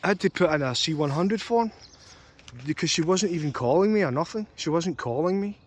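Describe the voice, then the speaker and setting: A man's voice: fairly high pitch, expressive, fairly quick. A young man ranting angrily and repetitively about a custody dispute, swearing often. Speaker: vlogger. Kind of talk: angry personal rant.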